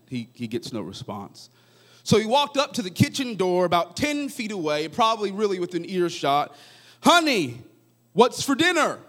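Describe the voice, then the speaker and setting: A man in his thirties preaching a sermon, moving between hushed asides and rising, fervent prayer as he tells stories. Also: a little high. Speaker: pastor.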